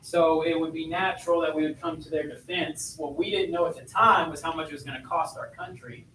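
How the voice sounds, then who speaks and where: Brisk and forceful, his bright voice sitting on the high side, a man lectures a history class informally and keeps asking students questions. Heard from afar in an echoey room, the recording has a touch of background noise.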